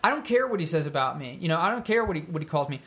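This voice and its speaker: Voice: mid-range voice, animated, very fast, a bit bright, natural voice. Teen boy, defiant and hurt, tripping over his words, acted out by a storyteller. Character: teenage boy standing up to a friend.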